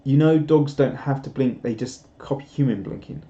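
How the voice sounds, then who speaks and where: A young man hosts a live stream at a normal speed, casually reading viewer comments and rambling in a self-deprecating way. His voice is mid-range and mellow, heard through roomy, slightly dull home stream audio.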